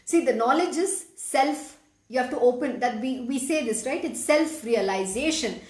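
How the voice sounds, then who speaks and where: A woman's voice: high-pitched, lively intonation, normal speed, darkish tone, roomy sound. A woman reading a devotional scripture aloud and explaining it in an earnest, emphatic way. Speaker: spiritual teacher reading scripture.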